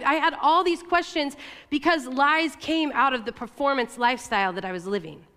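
Middle-aged woman church leader, candid sermon delivery, clear resonant tone, reverb of a large hall. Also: fairly high pitch, fairly bright tone. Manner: conversational, candid, with fillers and self-corrections.

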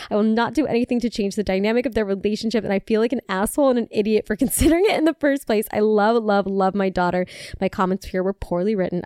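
Woman, podcast host, mid pitch, casual and animated, frequent laughs, dry sound. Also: clear, resonant tone, no echo. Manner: animated, laughing, swearing, lots of "like". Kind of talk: casual chat, reading and reacting to forum posts.

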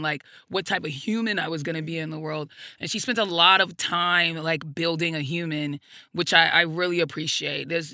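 A guest comedian speaks in a low, bright, forceful voice, recorded at studio quality with no room sound. In an interview she tells personal stories frankly and reflectively, peppering her speech with "like," "you know," and casual swearing.

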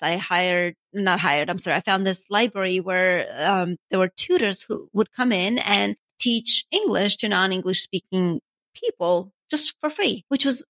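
A woman from Armenia tells her own story in a chatty, casual way, her voice on the high side and fairly bright. She fills it with asides like "you know" and "right?" and laughs at herself, with no room sound in the recording.

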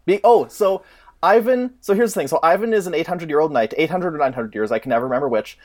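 A man's voice: on the high side, fast talker, darkish tone. Man explaining trivia at length. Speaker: podcast co-host. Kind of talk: casual chat.

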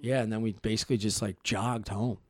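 A man's voice: lowish voice, fairly even intonation, a little fast, darkish tone. A man in his thirties telling profane, rambling stories on a podcast, often restarting his sentences. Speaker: podcast guest storyteller. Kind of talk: casual podcast chat.

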